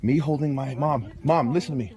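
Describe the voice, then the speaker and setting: In a heated family argument involving his mother and police, a son records on camera, talking in an insistent, lecturing manner. His medium-pitched voice has a darkish tone and a fairly quick pace.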